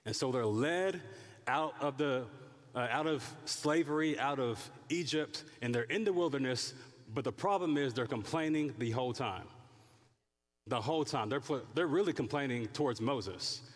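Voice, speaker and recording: A male pastor preaching a lively sermon, acting out people's prayers and complaints in different voices. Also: mid-range voice, normal speed, long reverb tail. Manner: animated, acts out prayers and complaints in character voices.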